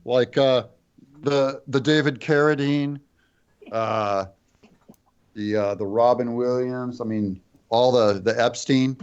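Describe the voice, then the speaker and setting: A man's voice: mid-range voice, fairly even intonation, slow, smooth, dull audio. A man chatting as a guest on a podcast, joking in a dry, self-mocking and darkly humorous way. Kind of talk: casual chat.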